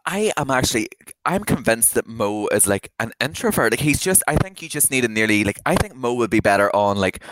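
A man's voice: medium pitch, big pitch swings, a little fast, a bit bright, slight background noise, low-quality recording. A young man, chatting casually on a podcast and rambling with many fillers. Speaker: podcast co-host. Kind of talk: casual chat.

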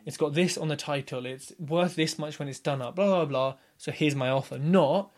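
Brief: man in his thirties, a podcast guest with a slightly higher voice, lively and chatty, acts out quotes. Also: normal speed, hardly any pauses. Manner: animated storyteller, acts out others' lines. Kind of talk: casual podcast chat.

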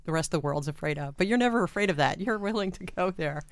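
Low-voiced woman hosting a talk. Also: animated, fast talker. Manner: guiding, asks prompting questions. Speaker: host. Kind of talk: casual interview chat.

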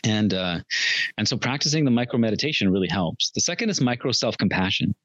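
A man's voice: fairly low pitch, expressive, quick pace, dry recording, highs cut off. A middle-aged man talking as a podcast guest in a reflective, earnest way, often restarting his sentences and laughing at himself. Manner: earnest, warm self-talk with frequent restarts and laughs. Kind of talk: reflective conversational chat.

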